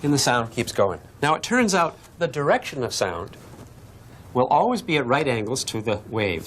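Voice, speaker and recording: In a physics classroom, a man from Massachusetts lectures and demonstrates at the board, swapping stories with his students. He speaks in a mid-range voice at a moderate pace, and background noise is audible. Chatty and animated, he performs shouted lines of dialogue and puts questions to the class.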